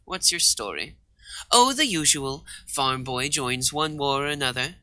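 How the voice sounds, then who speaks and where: A man's voice: mid-range voice, unhurried, no room sound. A man hosting a let's play, reading the game's dialogue aloud and joking around in between. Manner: lively, joking, bright.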